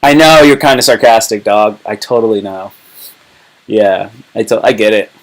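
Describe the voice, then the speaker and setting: A man's voice: on the low side, fairly even intonation, normal speed, low-quality recording. A man hosting a casual livestream, rambling and joking in heavy slang. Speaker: livestream host.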